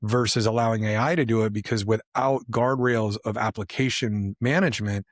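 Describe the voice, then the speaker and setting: A man co-hosting a casual business podcast, asking questions and reacting in a relaxed conversational way. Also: on the low side, normal speed, dry recording, clean studio sound. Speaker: podcast co-host.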